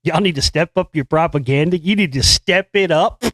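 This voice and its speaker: A man's voice: a little high, normal speed, a bit bright, no room sound. A man hosting a show, casually riffing on news stories in a profane, rambling and sarcastic way. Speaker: host. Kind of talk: casual monologue commenting on news.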